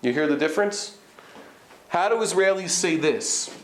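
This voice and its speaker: Rabbi teaching in an echoey room. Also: male voice, fairly high pitch, animated, normal speed. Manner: explanatory, questions the class, demonstrates vowel sounds. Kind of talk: live classroom lecture. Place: study hall classroom.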